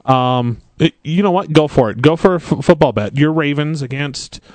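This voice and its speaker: A man's voice: on the high side, darkish tone, dry recording. A man co-hosting a radio show, stammering and restarting as he joins the banter. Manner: halting, stammering. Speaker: radio co-host.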